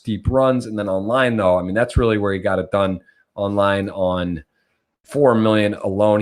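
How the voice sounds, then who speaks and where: A man hosting a live-streamed poker podcast, chatty and upbeat, often restarting his sentences. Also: fairly low pitch. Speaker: podcast host.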